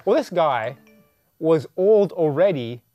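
A man co-hosts a relaxed chat show, his voice rising and falling with lively animation as he fires off question after question. He sounds close to the mic in a dry, dead room, and laughs easily between questions. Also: fairly high pitch, slow pace, dry recording, faint music behind. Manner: curious, asks many questions, laughs easily. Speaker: podcast co-host. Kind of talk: casual chat.

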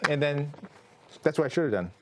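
A young man hosts a comedy talk show. His voice sits fairly high and swoops up and down as he tells stories. He jokes in a playful, deadpan way. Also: brisk, a little hiss or hum. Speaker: host.

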